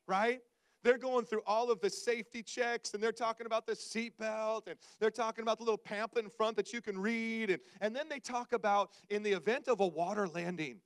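A man preaching to his congregation, telling self-mocking stories in an animated, conversational way. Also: sits high, fairly quick, no room sound. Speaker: pastor. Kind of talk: humorous storytelling sermon. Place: church service before a congregation.

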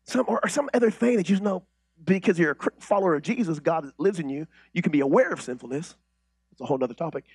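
Preaching pastor, male, high husky voice, dry close sound; conversational delivery with loud and hushed swings. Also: fast talker, no echo. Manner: animated, swings from loud declarations to quiet intimate asides; conversational, with frequent restarts and rhetorical questions. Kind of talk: sermon.

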